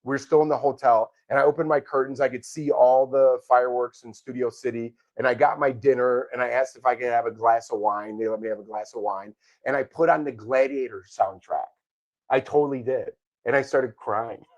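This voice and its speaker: A man's voice: medium pitch, fairly even intonation, brisk, darkish tone, highs cut off. A middle-aged man co-hosting a casual live chat about a reality show, telling rambling, sentimental stories. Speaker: co-host of a reality TV podcast.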